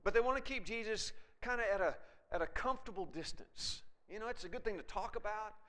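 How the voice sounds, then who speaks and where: A man's voice: high-pitched, animated, a little fast, bright, forceful tone. A man preaching a sermon in a conversational way, retelling a scripture story with animation and often checking in with his listeners.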